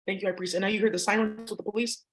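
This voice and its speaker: A woman's voice: mid-range voice, steady tone, racing. Rambling woman vlogger, cursing freely. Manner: rambling, profane, jumps between topics. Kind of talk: rambling monologue.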